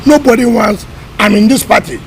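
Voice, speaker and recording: A man's voice: high-pitched, normal speed, slight background noise, poor audio. A middle-aged man, a government minister in a press interview, talking in an emphatic, combative way and often repeating words. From Nigeria.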